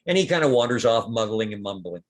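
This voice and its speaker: A man's voice: lowish voice, big pitch swings, fast. A man narrating as game master of a tabletop game in a casual, rambling way.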